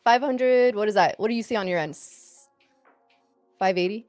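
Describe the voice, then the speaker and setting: A woman's voice: mid-range voice, normal speed, darkish tone, faint music behind. A woman hosting a live trading stream, chatting casually with an upbeat, teasing manner. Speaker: trader host.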